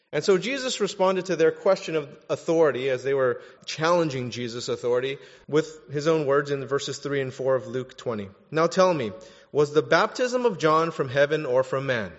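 Man preaching in an echoing hall. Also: mid-range voice. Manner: conversational, animated preaching with casual fillers. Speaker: pastor. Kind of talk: sermon. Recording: dull audio with long reverb in a hall.

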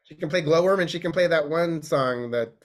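A man's voice: on the high side, fairly quick, over a noisy crowd. A man in a casual podcast chat, musing and a little hesitant. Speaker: podcast co-host.

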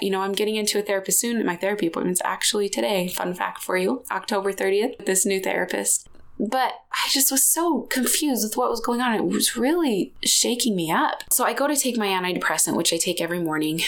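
A woman's voice: medium pitch, a bit bright. A woman host in her thirties candidly telling a personal story on her podcast. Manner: candid, emotional, confessional.

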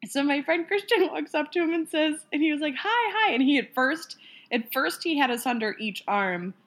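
A woman's voice: high-pitched, lively intonation, moderate pace, fairly bright tone. A young woman casually telling a story in a podcast chat, giggly and full of "like"s.

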